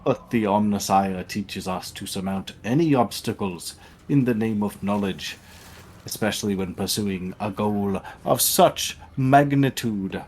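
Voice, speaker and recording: Excitable old tech-priest, grand and lecturing, low-pitched, read by a man. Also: unhurried, breathy edge. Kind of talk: reading game dialogue aloud.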